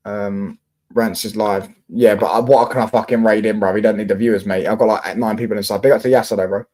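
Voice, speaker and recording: A man's voice: lowish voice, steady tone, fast, mellow. A young man from London with a London accent, hosting a casual football livestream and answering his chat in slangy, swearing talk.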